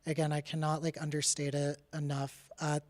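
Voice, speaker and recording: A young adult artist from Canada talks through their own work in a loose, candid presentation. The delivery is chatty and full of "like" and "uh", with a laugh slipping in from time to time, and the pitch sits at a middle level. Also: completely flat delivery, normal speed, a little mellow. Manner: candid and chatty, with frequent "like" and "uh" fillers; laughs now and then while speaking. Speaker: artist giving a talk. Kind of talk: casual presentation about their artwork.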